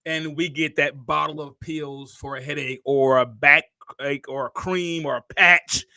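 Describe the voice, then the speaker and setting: A man, his voice high and bright, hosting a talk show. He stammers into his questions, then builds a rhythmic, repeating run of points like a preacher. The sound is close and dry. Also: steady tone, no room sound. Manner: drawn-out, preacherly, repeats phrases for emphasis. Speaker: podcast host. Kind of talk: casual interview talk.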